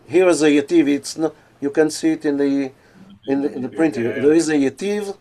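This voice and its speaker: A man giving a conference lecture on cantillation. He explains in plain speech and then chants scripture verses slowly, with drawn-out phrasing. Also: a little high, dark tone.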